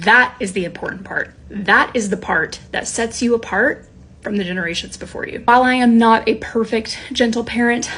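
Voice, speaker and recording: A woman's voice: a little high, moderate pace, slightly rough. A young woman, a mother of two toddlers, talking candidly to camera in a blunt, profane, self-deprecating way, sometimes dropping to a whisper. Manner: drops to a whisper for emphasis. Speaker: mom content creator. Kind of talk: candid confessional vlog.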